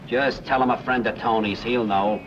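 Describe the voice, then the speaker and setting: An actor playing a blunt gangster hunting someone, on an old hissy soundtrack. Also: male voice, mid-range voice, steady tone, normal speed, lightly acted. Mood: menacing. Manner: blunt, menacing. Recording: lo-fi 1940s film soundtrack with hiss.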